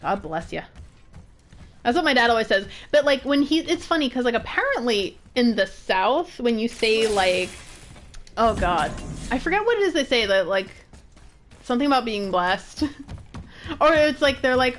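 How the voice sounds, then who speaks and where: A young streamer from the northern United States chats casually while playing a video game, laughing and thinking aloud when puzzled. Her voice is on the high side and a bit bright, animated, at a moderate pace with frequent pauses. Soft music plays in the background.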